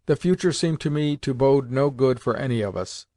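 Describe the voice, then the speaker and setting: A man narrates a classic novel in audiobook style. His reading is measured and even, in a middle register. The recording is dry, with little room sound. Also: mid-range voice, dry recording.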